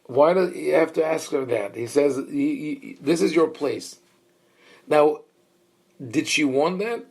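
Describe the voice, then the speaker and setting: A man's voice: on the high side, lively intonation, slow, vocal fry, a little mellow, husky. Man teaching a Bible class. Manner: thoughtful, explanatory, many fillers and restarts; engages listeners with questions. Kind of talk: Bible study lecture.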